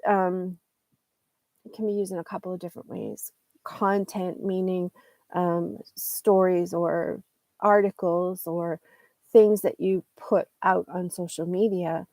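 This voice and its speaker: A woman teaching English in an unscripted online lesson, explaining slowly and thoughtfully, pausing and correcting herself as she goes. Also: mid-range voice, warm tone, no room sound. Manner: slow, thoughtful, explains with pauses and self-corrections.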